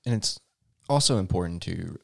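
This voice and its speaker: A man co-hosting a podcast discussion, soft-spoken and hesitant, with frequent ums. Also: low-pitched, animated, moderate pace, vocal fry, no room sound, clean studio sound. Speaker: podcast co-host.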